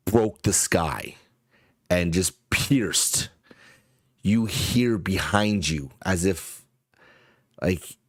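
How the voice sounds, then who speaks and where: A man narrating a tabletop game as game master, halting and searching for words with many fillers. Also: low voice, no echo, clean studio sound.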